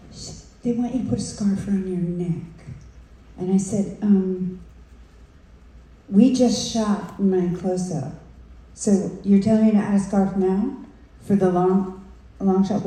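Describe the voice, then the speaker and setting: An older actress on a convention panel, telling a candid story and acting out the quotes in changing voices. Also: female voice, medium pitch, dark tone. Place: large convention room. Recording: echoey hall from far off.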